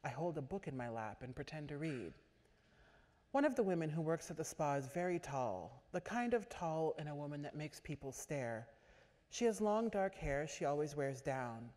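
A woman's voice: low-pitched, lively intonation, normal speed, darkish tone. Woman reading fiction in a hall. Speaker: author reading her fiction. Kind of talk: literary reading. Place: large auditorium. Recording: echoey auditorium.

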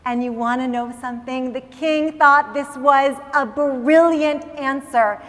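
A woman rabbi delivers a sermon as an expressive, dramatic story. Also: sits high, unhurried. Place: synagogue sanctuary. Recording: long reverb in large hall.

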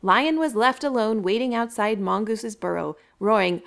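Speaking directly to the children at a library story time, a woman tells her story brightly and with animation. Her gravelly voice is a little high and moves at normal speed.

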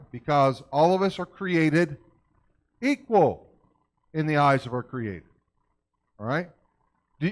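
A man giving a conversational church lecture in a folksy way, constantly checking in with his listeners with questions. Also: on the high side. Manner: folksy, keeps asking the audience questions.

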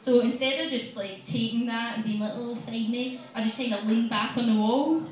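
A young Scottish woman from Glasgow performs stand-up on a small bar stage, chatty, brash, and full of swearing. Her voice runs on the high side with fairly even intonation and a fairly quick pace. The sound is echoey, picked up from a distance in the live bar.

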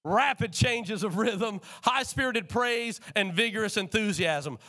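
A man preaching a sermon in a church, animated and calling on the congregation to respond. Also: high-pitched, measured pace. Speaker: pastor. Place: church sanctuary.

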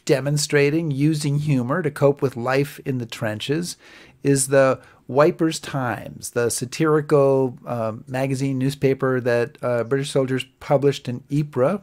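A man's voice: medium pitch, steady tone, measured pace, darkish tone. A man hosting a casual history chat on a video call, talking in a wry, chatty way. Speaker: host.

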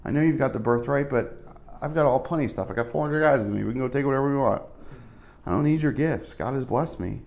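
A man's voice: medium pitch, fast, darkish tone, lightly acted. A man voicing a generous, forgiving older brother who speaks plainly and reassuringly.

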